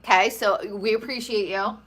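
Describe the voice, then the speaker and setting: A woman's voice: medium pitch, fairly even intonation, normal speed, fairly bright tone. A woman from New York chatting casually and gossipily as a pop culture commentator, drawing out her words for emphasis. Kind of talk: casual chat.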